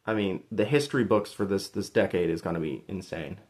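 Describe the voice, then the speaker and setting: Young man, somewhat low voice, earnest, rambling, self-deprecating, casual vlog talk. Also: brisk, darkish tone, slightly rough. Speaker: YouTuber thanking subscribers. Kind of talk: heartfelt casual vlog monologue.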